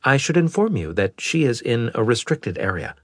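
A man voicing a polite male alien AI that speaks in a formal, measured, robotic way. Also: medium pitch, big pitch swings, no room sound, studio quality, pitched above the performer's own voice.

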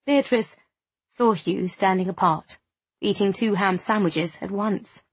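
A woman narrating an audiobook in a measured, even way. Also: medium pitch, slightly rough, no echo.

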